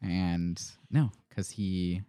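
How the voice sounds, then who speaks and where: This pastor and church podcast host speaks very slowly in a low, dark voice with a steady tone. His casual chat is thoughtful and rambling, riddled with fillers and restarts, and the recording is dry and studio quality.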